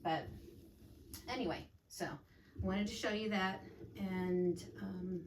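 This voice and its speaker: A woman's voice: medium pitch, fairly even intonation, slow pace, slight background noise. Chatty woman vlogging about cross stitch. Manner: chatty, rambling, self-correcting. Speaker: cross stitch channel host. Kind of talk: casual crafting vlog chat. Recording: echoey room, voice a bit far from mic.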